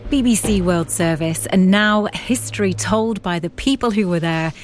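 A woman radio presenter narrating a history documentary in a crisp, lightly playful scripted style. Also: mid-range voice, normal speed, a little hiss or hum. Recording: soft music beneath.

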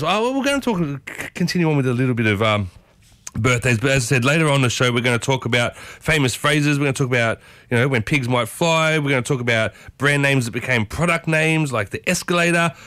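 A man hosts a breakfast radio show from the studio. He is chatty and upbeat and talks straight to his listeners. His voice sits in a middle pitch and sounds close and dry. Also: fairly bright tone, no room sound. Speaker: radio host.

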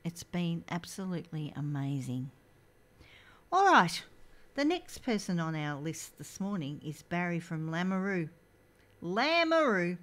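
A woman's voice: sits low, animated, normal speed, few pauses. A woman hosting a morning radio show in a chatty, giggly, friendly manner. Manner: chatty, giggly, warm-hearted. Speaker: radio host. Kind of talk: casual community radio chat.

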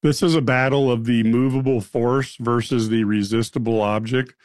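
A man's voice: medium pitch, fairly even intonation, normal speed, darkish tone, no room sound, clean studio sound. A man co-hosting a sports radio show, giving his picks with wry, sarcastic remarks. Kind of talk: casual sports picks chat. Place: radio studio.

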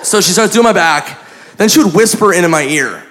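A man doing stand-up, telling a story in an animated, profane, self-mocking way. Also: high voice, fairly quick. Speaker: stand-up comedian. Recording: live club with audience laughter.

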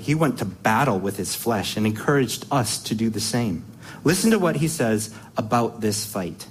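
A man's voice: mid-range voice, slight background noise. A man preaching a sermon in an emphatic style, posing rhetorical questions and often repeating words as he restarts his sentences.

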